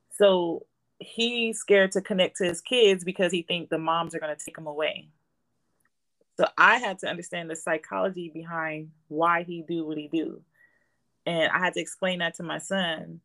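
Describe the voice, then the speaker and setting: A woman's voice: on the low side, fairly bright tone, rough recording. A woman in her forties, talking casually as a guest and explaining her family life in a reflective, storytelling way. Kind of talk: casual conversation.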